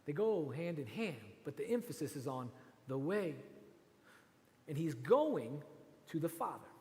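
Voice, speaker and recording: A man's voice: fairly high pitch, sing-song, unhurried, darkish tone, in a large hall. A man preaching a sermon as pastor, talking in a conversational way with rhetorical asides. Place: church.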